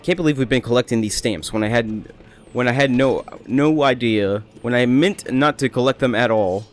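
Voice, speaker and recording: A man's voice: medium pitch, moderate pace, faint music behind. A young man rambling chattily through casual gameplay commentary as a let's play host. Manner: rambling, chatty, self-amused.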